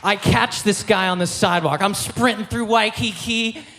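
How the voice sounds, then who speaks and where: A man, the band's violinist, telling an animated story on a theater stage into a stage microphone, acting out scenes with sudden jumps in pitch. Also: normal speed, some chatter behind, slight background noise. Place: theater stage at a live concert.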